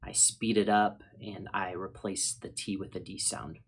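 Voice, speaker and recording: American guy teaching english words, husky voice, friendly and slow, repeats stuff carefully. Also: low-pitched, flat delivery. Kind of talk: scripted vocabulary lesson.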